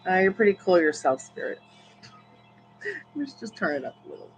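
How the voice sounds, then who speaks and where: A woman's voice: on the low side, big pitch swings, normal speed, soft background music, poor audio. A woman in her thirties, a tarot reader on a live stream, rambling through personal stories and calling out to spirits in casual chat. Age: 30s. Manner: rambling storyteller who talks to spirits.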